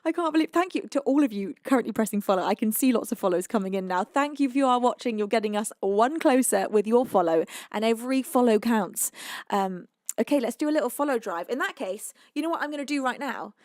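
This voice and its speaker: A British woman hosting her own music livestream, chatting casually and excitedly to viewers with many fillers and restarts. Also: on the high side, fast talker, no room sound, clean studio sound. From United Kingdom. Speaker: singer and livestream host.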